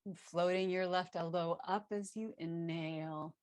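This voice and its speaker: Calm woman cueing a yoga class. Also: on the low side, unhurried, no room sound. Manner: calm cueing with self-correcting laughs. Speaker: yoga teacher. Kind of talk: live online yoga class instruction. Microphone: video call.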